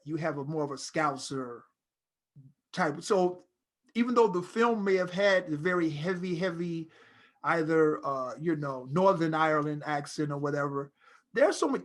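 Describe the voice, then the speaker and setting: Middle-aged male actor as interview guest, slightly high voice, rambling anecdotes told with animation. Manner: animated storyteller, loose and rambling. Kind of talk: casual interview conversation.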